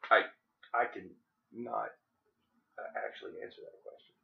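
A man co-hosting a casual podcast, joking in a dry, deadpan way. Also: lowish voice, normal speed, vocal fry, dull audio. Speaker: podcast co-host. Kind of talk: casual chat.

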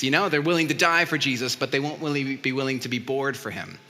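A man's voice: fairly high pitch, fairly quick, hardly any pauses, pushed and bright. A man giving a sermon in a conversational storytelling way, praying and acting out quotes in his story. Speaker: pastor. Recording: long reverb of a hall.

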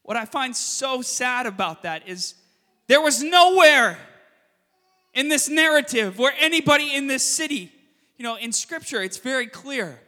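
High-pitched, bright-voiced male preacher in a hall. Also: measured pace. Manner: lively storytelling preacher with sudden loud emphasis and hushed asides. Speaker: pastor. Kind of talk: sermon. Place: church sanctuary.

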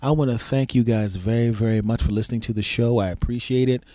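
A man's voice: medium pitch, steady tone, fast talker, warm tone, dry recording. A man hosting his own podcast, telling a comic story in a loose, swearing style and acting out the people in it. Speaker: podcast host. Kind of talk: solo comedic storytelling podcast.

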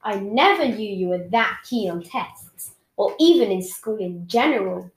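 A woman's voice: medium pitch, animated, unhurried. A woman reading the lines of a sarcastic young teenage boy in a storybook, recorded in an echoey room. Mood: teasing. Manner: teasing, sarcastic.

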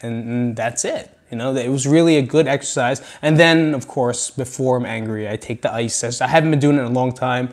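A man hosting a solo podcast, speaking frankly and with lots of swearing, rambling between low mutters and loud venting. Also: a little fast, few pauses. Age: adult with children. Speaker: podcast host. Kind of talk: solo podcast monologue on anger.

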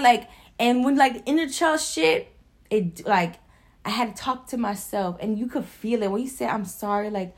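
A woman's voice: a little high, moderate pace. A young woman in casual chat, talking with strong feeling, swearing and filling her speech with "like". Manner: emotional, animated, swearing, lots of "like" fillers.

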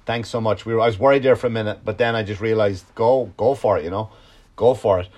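A man's voice: on the low side, quick pace, darkish tone. An Irish man from Ireland hosting a podcast, delivering a rambling, profane, sarcastic comedic monologue. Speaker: podcast host.

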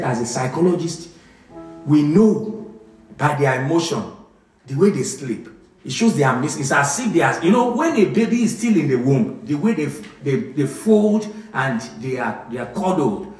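A middle-aged man, preaching an emotional sermon with dramatic swings from loud emphasis to hushed, quiet lines. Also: fairly high pitch, distant mic. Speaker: pastor. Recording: echoey room with music behind.

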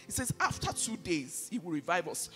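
Impassioned male pastor, sermon delivery, very lively pitch, long hall reverb. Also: normal speed. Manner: impassioned, repeats key phrases for emphasis. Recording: reverberant hall with faint music behind.

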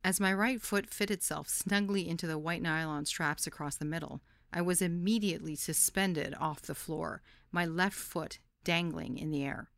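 Woman podcast host, candid memoir reading, low voice, dry close sound. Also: normal speed, vocal fry, hardly any pauses, dry recording. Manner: candid, lively storytelling. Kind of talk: first-person memoir narration.

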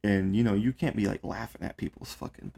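Gravelly young man, swearing storyteller. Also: lowish voice, steady tone, fairly quick, warm tone, slight background noise. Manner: profane, rambling storyteller with lots of fillers. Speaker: podcast host. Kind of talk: casual chat.

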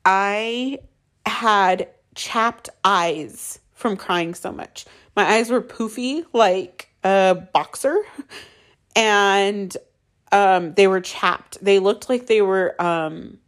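A young woman, a mother, telling her own painful story candidly, halting often with fillers and restarts. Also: mid-range voice. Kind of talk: emotional personal storytelling.

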